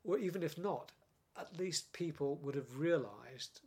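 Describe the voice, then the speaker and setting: An older British man, a former script editor, telling stories in a casual interview with lively laughs and frequent restarts. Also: on the high side, unhurried, husky. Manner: animated storyteller, laughs often, many restarts.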